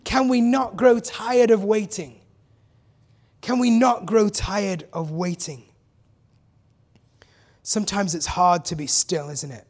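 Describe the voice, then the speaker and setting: A man with a notably high voice delivers a sermon. He talks to the congregation as if chatting, often turning to them with rhetorical questions. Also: takes it slowly, pauses often, a little mellow. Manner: conversational, asks the listeners rhetorical questions. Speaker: preacher.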